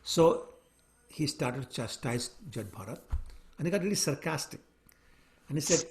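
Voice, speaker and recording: Brief: male scripture teacher, casual storytelling, fairly high voice, very lively pitch. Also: moderate pace, long pauses. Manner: animated storytelling with fillers. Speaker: lecturer on scripture. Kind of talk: storytelling class.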